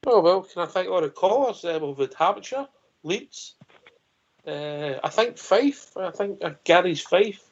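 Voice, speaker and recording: A man's voice: sits high, animated, measured pace. A man hosting a radio phone-in, chatty and friendly, thanking callers. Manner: friendly, matey sign-offs. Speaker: radio show host. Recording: dull lo-fi audio.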